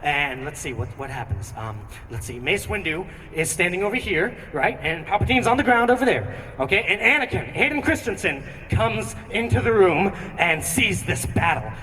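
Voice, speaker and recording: A young man doing stand-up comedy on a theatre stage, excitable and rambling with many fillers. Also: sits high, big-room sound, a little hiss or hum. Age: young adult. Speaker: student comedian. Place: theatre stage before an audience. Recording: distant stage recording with audience.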